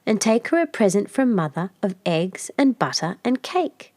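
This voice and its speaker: A woman voicing a sweet, kind little girl with a bright, innocent manner in a storybook. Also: medium pitch, very animated, moderate pace, no echo, lightly acted.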